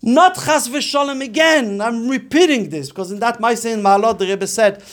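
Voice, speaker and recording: A man's voice: extremely high pitch, moderate pace, fairly bright tone. A man giving a Torah class on Talmud, speaking earnestly and mixing Hebrew and Yiddish terms into his English, rising to urgent emphasis as he exhorts. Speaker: rabbi teaching Talmud.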